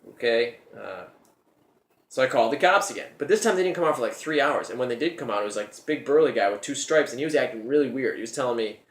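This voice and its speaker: A man's voice: mid-range voice, animated, fast talker. Guy rambling through his own story, repeats himself a lot, middle voice, roomy echo. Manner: rambling, repeats words while telling the story. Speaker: show host telling a personal story. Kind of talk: casual storytelling monologue.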